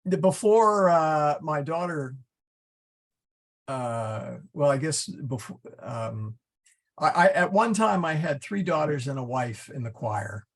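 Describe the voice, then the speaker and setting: A middle-aged man teaching a Latin class, halting, with many fillers and restarts. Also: on the high side, lively intonation. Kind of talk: class lesson.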